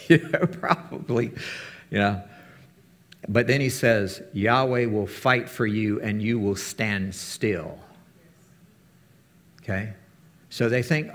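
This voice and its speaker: A man's voice: lively intonation, a little slow, long pauses, fairly bright tone. A man teaching a casual sermon to his fellowship, talking conversationally and acting out the quotes he tells. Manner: conversational, acts out quotes with big pitch jumps.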